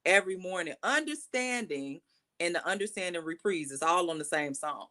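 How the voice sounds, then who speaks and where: A woman co-hosting a podcast, reviewing music in an exuberant, casual way, swooping high when excited. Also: moderate pace. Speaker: podcast co-host.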